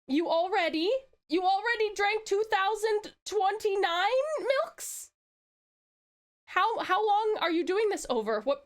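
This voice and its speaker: A woman from Tasmania with an Australian accent, chatting playfully on a live stream and greeting viewers. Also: very high-pitched. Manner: playful, teasing, bursts of excited squeals. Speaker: VTuber streamer. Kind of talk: casual live-stream chat.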